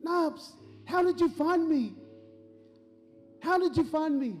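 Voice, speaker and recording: A man's voice: very high voice, slow pace, big-room sound, soft background music, pitched above the performer's own voice. A man voicing an overwhelmed, grateful man in prison, who thanks him over and over. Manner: tearful thanks, repeating himself.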